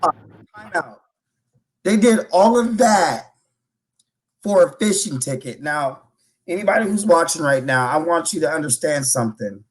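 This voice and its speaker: A man's voice: fairly high pitch, animated, moderate pace. A man co-hosting a podcast, chatting casually and reacting emphatically. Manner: emphatic, exclamatory. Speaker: podcast co-host. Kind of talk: casual chat.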